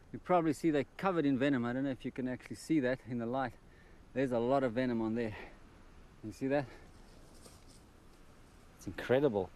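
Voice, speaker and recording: A wildlife documentary host with a medium-pitched voice gives excitable field commentary out in the wild. He exclaims often and speaks directly to the animal in front of him.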